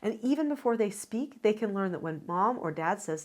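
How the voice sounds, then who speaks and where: A woman's voice: mid-range voice, animated, normal speed, darkish tone. Older woman teaching parents. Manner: earnest, demonstrative, acts out voices as examples. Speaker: parenting educator. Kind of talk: direct-to-camera teaching.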